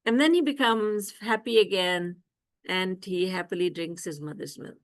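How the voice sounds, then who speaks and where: A woman spiritual teacher telling devotional stories in an animated way, often laughing and acting out scenes, over a video call. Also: lowish voice, normal speed. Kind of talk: devotional storytelling discourse.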